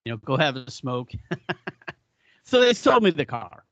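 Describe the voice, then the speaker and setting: Bright, profane man telling stories. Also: a little high, unhurried, dry recording. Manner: profane, animated storyteller who acts out quotes. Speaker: podcast co-host. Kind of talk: casual storytelling chat.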